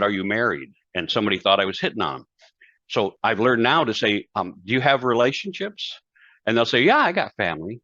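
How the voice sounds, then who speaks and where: Low-voiced man telling animated stories. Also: dry recording. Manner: animated storyteller acting out quoted dialogue. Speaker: guest speaker and author. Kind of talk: conversational interview talk. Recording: dull, dry lo-fi sound.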